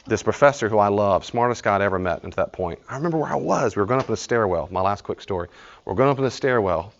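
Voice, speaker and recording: Low-voiced man leading a study group. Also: lively intonation, fast talker, vocal fry, highs cut off. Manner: storytelling, acts out dialogues, laughs often. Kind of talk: informal teaching talk. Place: live study group in a room.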